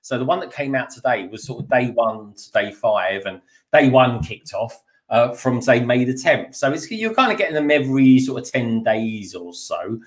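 A man's voice: medium pitch, animated, moderate pace. A man joining a live stream as guest, chatting casually, laughing often and repeating words for emphasis. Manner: laughs easily, repeats himself, stresses words. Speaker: guest co-host.

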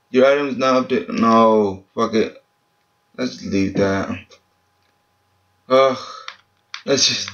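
A seventeen-year-old gaming channel host opens game packs at home, keeping his voice down while he swears often and vents his frustration. His voice is mid-range and the audio sounds dull.

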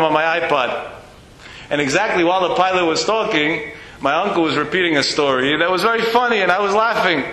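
A man's voice: a little high, pushed and bright. A man, a rabbi, giving a storytelling sermon and acting out the dialogue in his tale with animation. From United States. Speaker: rabbi lecturer. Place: synagogue hall. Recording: echoey hall.

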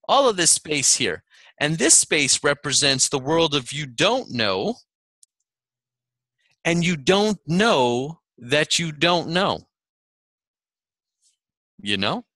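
At a seminar, a motivational speaker with a mid-range voice tells a personal story, animated and laughing often along the way. The recording has no room sound.

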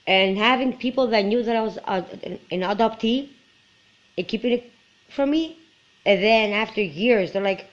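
A woman's voice: a little high, lively intonation, normal speed, long pauses. Woman, 40s, from Quebec, personal vlogger, earnest and emotional, muffled lo-fi sound. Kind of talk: personal vlog talk to camera.

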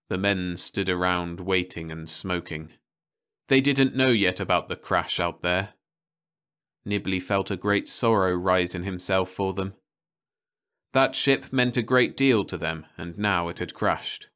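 A man calmly reading a science fiction short story aloud as an audiobook narrator. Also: deep voice, measured pace, clear, resonant tone.

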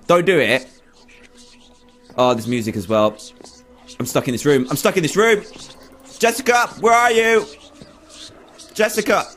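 A man's voice: a little high, fairly bright tone. A young man hosting a horror game playthrough, jumpy and exclaiming as he talks to himself and his viewers. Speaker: gaming video host. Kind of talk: let's play commentary.

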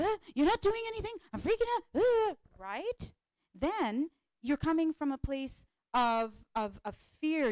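Speaking to a live crowd on a conference panel, a woman life coach delivers animated motivation, circling back to phrases and often tossing in "right?". Her voice sits in the mid-range, the setting is a conference hall, and the recording is dry.

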